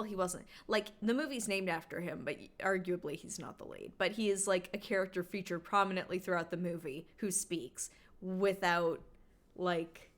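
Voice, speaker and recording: A woman from Canada streams a game and chats with her viewers. She rambles casually, full of filler words, at an ordinary middle pitch for a woman. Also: a bit bright. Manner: rambling, chatty, lots of filler "like".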